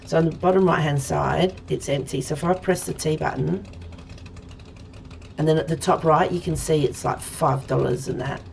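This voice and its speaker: A woman's voice: deep voice, steady tone, normal speed, gravelly, a little mellow, slight background noise. An Australian woman in her forties chatting casually to viewers while she streams a game, rambling as she plays. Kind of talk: casual let's-play chat.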